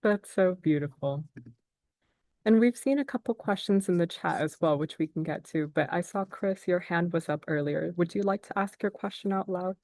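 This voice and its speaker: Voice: medium pitch, moderate pace, a little mellow, dry recording. A moderator hosting a webinar question session in a friendly, organized way.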